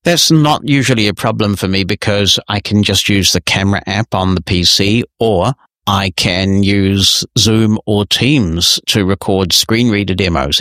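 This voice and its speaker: A man hosting a podcast, reading listener emails and answering them in a measured, friendly, explanatory way. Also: deep voice, fairly bright tone, no room sound, studio quality. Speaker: podcast host.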